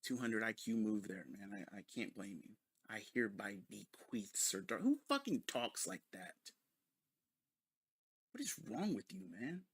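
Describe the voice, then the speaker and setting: A man's voice: fairly low pitch, big pitch swings, unhurried, breathy edge, dry recording. A man ranting in a sarcastic, mocking commentary full of profanity. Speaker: commentary video host.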